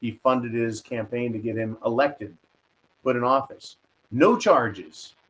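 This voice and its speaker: A man's voice: medium pitch, slow, a bit bright, poor audio. A man hosting a political commentary show, talking in an indignant, sarcastic, ranting way. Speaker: host.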